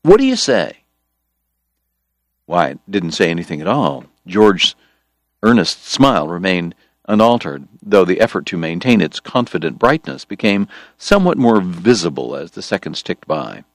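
A man reading a story aloud in a measured storytelling manner, voicing the characters. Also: deep voice, very animated, no echo, clean studio sound. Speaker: audiobook narrator. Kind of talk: scripted narration.

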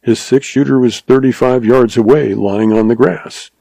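A man reading a story aloud in measured, scripted narration. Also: medium pitch, steady tone, vocal fry, mellow, dry recording, low-quality recording. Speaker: audiobook narrator.

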